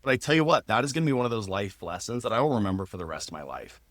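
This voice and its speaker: A man in his thirties, a podcast host, telling a personal story in a lively, casual way and laughing often. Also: fairly low pitch, very fast, no echo.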